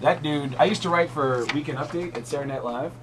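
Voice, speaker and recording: A man's voice: on the high side, quick pace, noisy background. Chatty comedian man spinning yarns. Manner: chatty, breezy storyteller with frequent fillers. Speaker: comedian guest. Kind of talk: telling stories in a radio interview.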